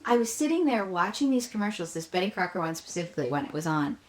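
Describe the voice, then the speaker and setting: A young woman co-hosting a casual nostalgic podcast chat, telling stories with animated asides. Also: lowish voice, fast talker. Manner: animated storyteller, acts out commercial voices. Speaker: podcast co-host. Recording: roomy echo, backup audio.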